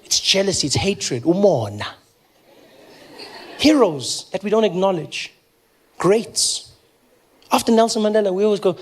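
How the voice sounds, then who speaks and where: A young man doing stand-up comedy, telling a story with animated delivery and acting out characters. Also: high-pitched, moderate pace, long pauses. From South Africa. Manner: animated storytelling, acts out characters in shifting voices. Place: stage before a live audience.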